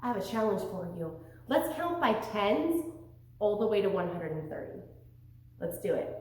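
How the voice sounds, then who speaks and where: Sing-song preschool teacher, echoey room. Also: female voice, mid-range voice, normal speed. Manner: sing-song, encouraging, animated. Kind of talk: online preschool lesson. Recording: very echoey room, distant mic.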